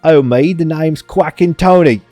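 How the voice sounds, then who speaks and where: A bold, filth-covered peasant with a loud, brash Cockney swagger, as a streamer puts him on. He pitches his wild ideas in a raised, cheeky voice, all slang and self-assurance, with a warm, mellow tone under the bluster. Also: measured pace, soft background music, lightly acted. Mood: cocky. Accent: put-on Cockney. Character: cocky cockney peasant man, bold schemer.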